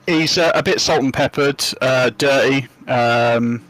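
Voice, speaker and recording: Laid-back game master, mid pitch, hesitant. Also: male voice, measured pace, no echo, rough recording. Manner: relaxed, hesitant, many ums. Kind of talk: narrating a tabletop game.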